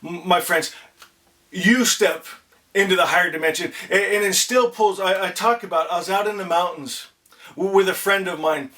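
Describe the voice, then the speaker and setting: A man's voice: high voice, moderate pace, pushed and bright. A man hosting a spiritual channel, speaking to his viewers in an effusive, heartfelt way, repeating "my friends" and often stammering and restarting. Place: indoors at home. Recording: voice a bit distant from the mic.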